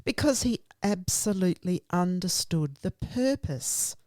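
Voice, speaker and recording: Slow, mellow-voiced woman explaining teaching. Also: lowish voice, expressive, dry recording. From Australia. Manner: earnest, emphatic, explains in lists. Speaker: literacy consultant, guest. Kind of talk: conversational explanation.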